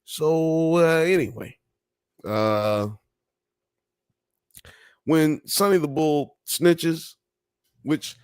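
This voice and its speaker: A man's voice: fairly high pitch, expressive, extremely slow, long pauses, darkish tone, smooth. A young man talking unhurriedly in a loose, meandering way, cursing freely and using sound effects to explain things. He sounds like a casual livestream host at his desk mic, recorded dry and close with no room echo. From Alabama, US South.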